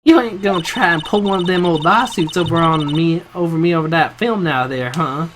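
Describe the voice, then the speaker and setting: A woman's voice: fairly low pitch, brisk, a little hiss or hum, close to an everyday voice. A woman voicing a brash Southern woman photographer with a thick folksy drawl over game music. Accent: Southern US drawl, put on. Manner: loud and scolding.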